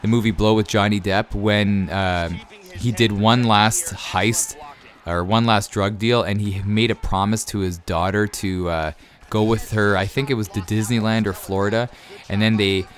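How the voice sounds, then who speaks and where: A man in his thirties answering viewer questions in a rambling, easily excited way with many fillers. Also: fairly low pitch, normal speed. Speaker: YouTube gaming creator. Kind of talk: casual Q&A over gameplay.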